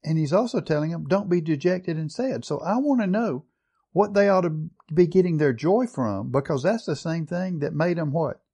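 Male preacher with a mellow voice. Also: expressive, gravelly, breathy edge. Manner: asks the congregation questions and reads scripture aloud; drops low and slow for emphasis, then speeds up. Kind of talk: sermon.

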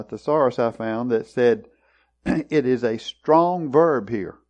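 Slow, deliberate male Bible teacher. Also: medium pitch, darkish tone. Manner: deliberate, explanatory, often clears his throat. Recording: dull lo-fi recording.

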